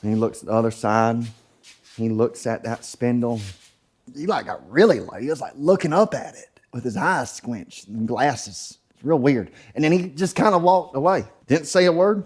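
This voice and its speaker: A man's voice: medium pitch, normal speed, breathy edge. Joking kart racer in his shop. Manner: rambling, jokey trash talk. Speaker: kart racer and channel host. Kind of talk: casual joking shop vlog. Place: workshop.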